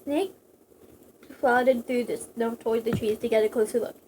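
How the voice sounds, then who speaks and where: A woman's voice: fairly high pitch, fairly even intonation, moderate pace, darkish tone, a little hiss or hum. A woman reading a novelization aloud, breaking off for giggly, chatty asides. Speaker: reader.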